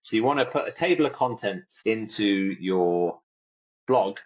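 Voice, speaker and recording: A man's voice: lowish voice, animated, unhurried, muffled recording. A man co-hosting a podcast in casual chat, rambling and jokey and mimicking other people's phrases. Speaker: podcast co-host.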